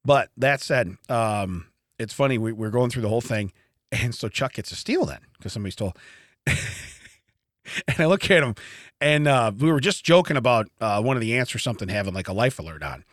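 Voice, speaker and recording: A man with a medium-pitched, expressive voice speaks briskly in a clean, echo-free podcast studio. As co-host, he tells a story in casual conversation, acting out the quotes and laughing often.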